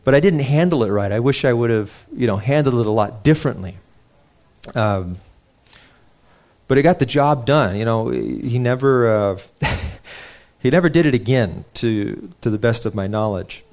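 A man's voice: mid-range voice, normal speed, a little mellow. A young man preaching a sermon in an earnest, conversational way, stopping to restart his sentences and telling stories from his own life.

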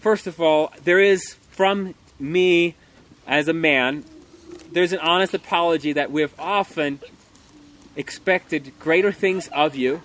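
Earnest man preaching loudly. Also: on the high side, a little hiss or hum. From Montana. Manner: earnest, emphatic, loud to carry in a room. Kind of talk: sermon.

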